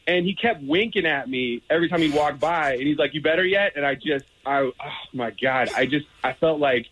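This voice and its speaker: A man's voice: on the high side, normal speed, a bit bright, husky, no echo, rough recording. A man calling in to a radio show, telling a story in a rambling, laughing way with many restarts. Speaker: radio caller. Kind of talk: casual storytelling.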